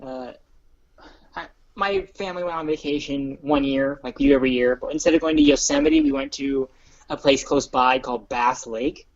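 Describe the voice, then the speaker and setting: A man's voice: mid-range voice, moderate pace, lo-fi sound. A young man rambling through stories in a casual chat with a friend, restarting sentences and mimicking people's voices. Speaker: co-host.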